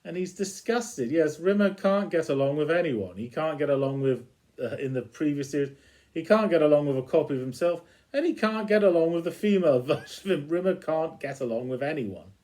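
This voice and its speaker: A man's voice: fairly high pitch, brisk, dark tone. A man casually retelling a TV episode as a reviewer, chuckling between lines.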